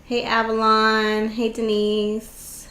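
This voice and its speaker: A woman's voice: fairly high pitch, monotone, slow, fairly bright tone, a little hiss or hum. A woman hosting a casual live stream, chatting easily, greeting viewers by name and laughing often. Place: home craft room. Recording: roomy echo.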